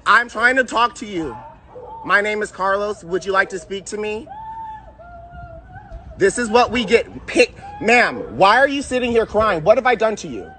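A man's voice: high voice, animated, moderate pace, sharp tone. A man filming on a phone, insistently questioning a woman who offended him. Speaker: confronting driver filming.

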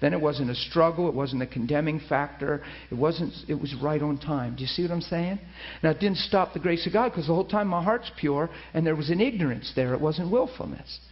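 A middle-aged pastor tells his own story from the pulpit, acting out what people said and stumbling back over his words. His voice sits a little high. The church recording sounds dull and lo-fi. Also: fairly quick. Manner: storytelling, animated quoting with many restarts. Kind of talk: sermon testimony.

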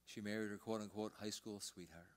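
An older male pastor with a fairly low voice, preaching a sermon in a church. He tells his story with sudden loud emphasis, then drops to a hushed near-whisper. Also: fairly even intonation, fairly quick. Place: church sanctuary.

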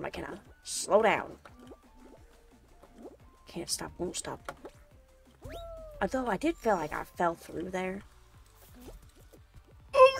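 A young woman streaming a game, reacting loudly, complaining about the levels and thanking viewers in chat. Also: on the low side, gravelly. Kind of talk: casual live-stream gameplay chat. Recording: faint game music behind.

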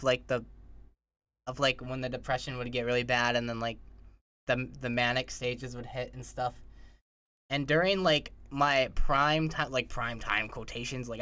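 Bright-voiced young male streamer, slangy. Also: fairly high pitch. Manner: rambling, slangy, heavy swearing. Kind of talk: casual livestream chat.

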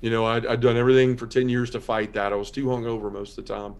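A man shares his life story as a podcast guest. He speaks in an earnest, quiet, heartfelt way, like someone giving a personal testimony. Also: mid-range voice, little pitch movement, fast, vocal fry, clean tone.

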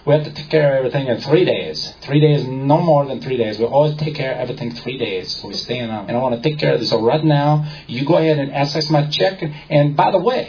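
A man putting on a French accent to play a smug, unflappable rich Frenchman who speaks slowly and with exaggerated courtesy. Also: on the high side, dull audio, voice pushed up, close to an everyday voice. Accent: French, put on. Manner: slow, overly formal and courteous.

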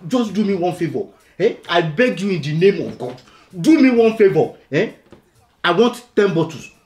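A bragging big spender. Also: male voice, high-pitched, big pitch swings, moderate pace, a little mellow. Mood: pleading. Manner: showy, wheedling. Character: boastful man bragging about money. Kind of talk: film comedy acting.

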